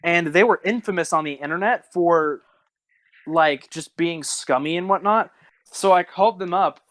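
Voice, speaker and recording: A man's voice: a little high, moderate pace, a bit bright, dry recording, rough recording. A young man co-hosting a casual podcast, telling long rambling stories and laughing at his own jokes. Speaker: podcast co-host. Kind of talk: casual storytelling chat.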